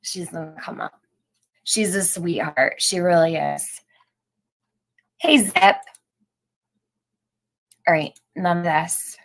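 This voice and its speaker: Lady with a low gravelly voice greeting folks on her live stream, chatty, laughs a lot. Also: slow pace, long pauses. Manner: chatty, laughs often, reads out viewer comments. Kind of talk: casual chat greeting live viewers.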